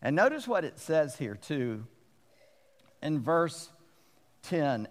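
Pastor, male, folksy storyteller, fairly high voice, big echoing sanctuary. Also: big pitch swings, slow pace, pauses often. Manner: folksy storytelling with self-deprecating humor. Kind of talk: sermon.

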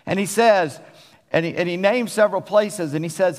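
A man's voice: high-pitched, normal speed. A man with a Southern US accent preaching a sermon as a pastor, folksy and conversational. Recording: long reverb of a church hall.

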